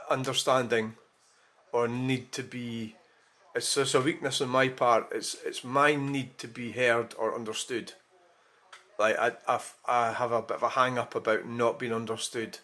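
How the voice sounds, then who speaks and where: A man's voice: medium pitch, fairly bright tone. A man talking in a rambling, frank monologue, swearing freely and often restarting his sentences. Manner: rambling, frank, frequent swearing and self-corrections. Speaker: vlogger. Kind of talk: casual monologue.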